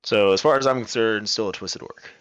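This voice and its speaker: A man's voice: on the low side, a little fast, a bit bright, clear, resonant tone, dry recording, muffled recording. A man playing a tabletop game, arguing his case to the game master. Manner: argumentative, defends the party. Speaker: player. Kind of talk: casual chat at a game table.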